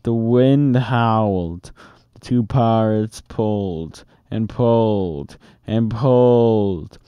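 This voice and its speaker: A man reading a children's book aloud in a steady, expressive storytelling manner, close to the mic. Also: lowish voice, very slow, clean tone, no echo, dull audio. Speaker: storybook reader.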